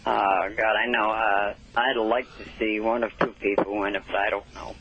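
A man's voice: on the low side, flat delivery, normal speed, a crowd in the background. A man with a New England accent calling in to a radio show, talking in an easygoing way and chuckling. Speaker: phone-in caller. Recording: muffled phone line.

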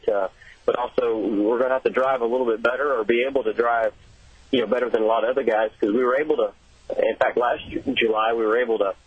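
A man's voice: mid-range voice, slightly rough, dry recording. A man who drives race cars, calling in for a phone interview and explaining things in an easygoing, laid-back way. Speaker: race car driver guest. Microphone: telephone. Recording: tinny dry phone line.

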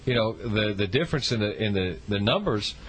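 A man's voice: lowish voice, lively intonation, brisk. A man hosting a radio show about motorsport, talking casually and rambling with many restarts.

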